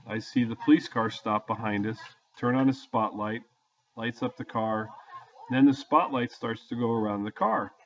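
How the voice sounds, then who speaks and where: An older man casually telling a story from his youth in a folksy, plain-spoken way. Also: mid-range voice. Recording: dull lo-fi audio.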